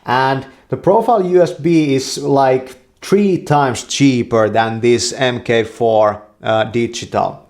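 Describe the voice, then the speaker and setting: A man casually explaining and demonstrating a microphone in a product video. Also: medium pitch. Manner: slow, relaxed, plainly explaining.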